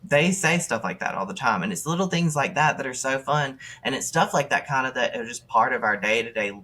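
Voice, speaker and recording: A man's voice: mid-range voice, brisk. A man from Mississippi with a Southern accent, chatting as a podcast guest, talkative and full of fillers. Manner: chatty, animated, many fillers. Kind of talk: casual interview chat.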